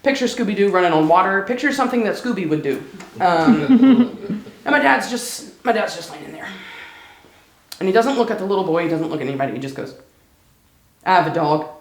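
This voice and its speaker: Give me a live storyteller with a conversational, gently humorous delivery, recorded in an echoey hall. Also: mid-range voice, animated. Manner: conversational, warm-humored, slows down for emotional moments. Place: stage at a live storytelling show.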